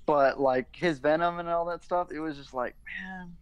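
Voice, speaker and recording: A man's voice: on the high side, moderate pace, clear, resonant tone, no room sound, dull audio. A young man on a podcast, talking casually and rambling, with lots of "like" and half-finished restarts as he gathers his thoughts. His voice is recorded close and dry, with no room sound. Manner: rambling, full of "like" and restarts, swears. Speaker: podcast co-host. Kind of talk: casual chat.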